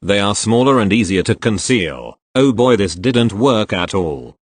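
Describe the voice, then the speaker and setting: A man's voice: lowish voice, expressive, unhurried. A man reading online posts aloud as a story, at an uneven pace.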